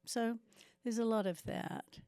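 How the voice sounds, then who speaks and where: Speaking slowly in a steady, mellow tone with some vocal fry, this slightly high-voiced woman is a New Zealand missionary in her seventies. Appearing as a guest in a testimony interview, she recounts her life with self-deprecating asides and a faint New Zealand accent. There's no echo.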